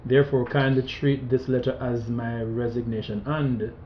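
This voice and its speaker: A man reading a formal letter aloud in a plain, steady way. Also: medium pitch, normal speed, slight background noise. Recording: roomy, muffled recording.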